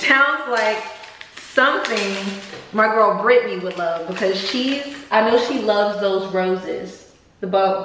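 A woman's voice: medium pitch, a bit bright. A young woman vlogger chatting casually and gushingly to camera while unboxing gifts, saying "like" and "y'all" a lot. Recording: echoey room with faint noise.

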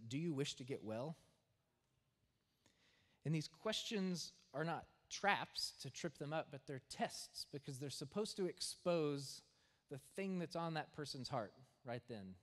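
A man preaching a sermon as pastor, talking in a conversational way and often checking in with "right?". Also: fairly high pitch. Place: church sanctuary. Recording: long church reverb.

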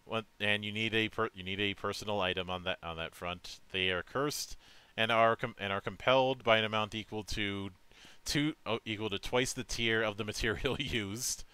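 A man reading tabletop game rules aloud on a stream, halting and restarting as he goes. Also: lowish voice, sharp tone, smooth, no room sound. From United States. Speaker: vtuber game master.

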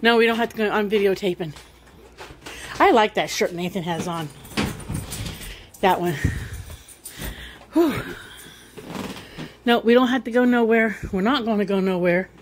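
A woman's voice: mid-range voice, measured pace, long pauses, slight background noise. Chatty woman vlogging outdoors. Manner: chatty, rambling, musing aloud. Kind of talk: casual walk-and-talk vlog. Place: outdoors in snow around her house.

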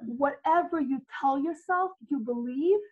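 A high-pitched woman talks eagerly about loving yourself, her voice thin and boxy like it's coming down a phone line. She tells her stories with energy and slips into the voices of the people she quotes. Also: measured pace. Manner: excited, animated, acts out quoted dialogue. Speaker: self-love coach, guest. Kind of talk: enthusiastic motivational storytelling. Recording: phone-like narrow audio.

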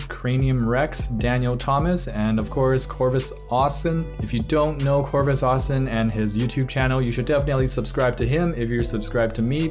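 Joking young man over guitar music. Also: mid-range voice. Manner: playful, teasing, mock-indignant. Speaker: channel host reviewing fish tanks. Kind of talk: casual joking commentary.

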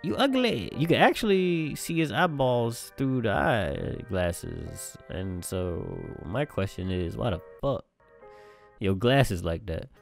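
Excitable young man swearing over a game. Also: on the low side, slow pace, creaky. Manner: loud excitable swearing banter with slang. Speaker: gamer commentator. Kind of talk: casual let's-play commentary. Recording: game music behind.

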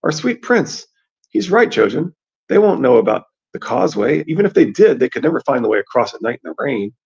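A man voicing a brave, practical young highborn girl in a raised girlish voice. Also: very animated, a little fast, vocal fry, darkish tone, husky, exaggerated voice. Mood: wary. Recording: dull lo-fi recording.

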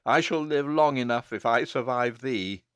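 A man's voice: medium pitch, moderate pace, a bit bright, clear, resonant tone, dry recording, studio quality, close to an everyday voice. A man voicing a furious, vengeful male wizard who speaks in fierce, snarling outbursts. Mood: defiant.

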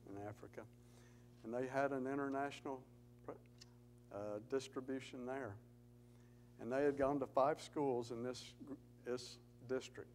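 A man's voice: mid-range voice, a little mellow, slight background noise, rough recording. A man giving an earnest testimony talk in church, telling stories with rising emphasis. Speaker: Gideons speaker at church.

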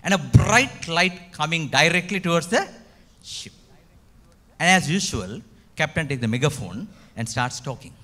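A man's voice: fairly high pitch, lively intonation, a little slow, bright, forceful tone. A man with a Sri Lankan accent giving a retreat talk, emphatic and full of rhetorical questions to his audience. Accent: Sri Lankan English. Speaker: retreat speaker.

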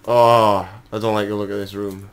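A young Welsh man playing a horror game with friends, excitable, swearing and laughing often in casual chat. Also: on the low side, normal speed. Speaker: gaming host playing the game. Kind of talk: casual let's-play chat.

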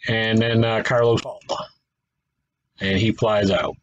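A man's voice: fairly low pitch, fairly even intonation, takes it slowly, dull audio. Man thinking aloud over a baseball sim. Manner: thinks aloud, self-correcting, wry asides. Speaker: gaming channel host. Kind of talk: casual play-by-play commentary of a tabletop baseball sim.

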